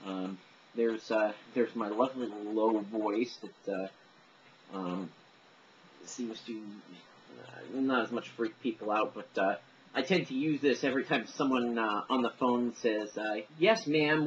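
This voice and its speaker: A man's voice: lowish voice, measured pace. A man chatting casually as he demonstrates his voices, rambling and self-deprecating. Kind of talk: casual chat to camera. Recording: dull lo-fi recording with faint noise.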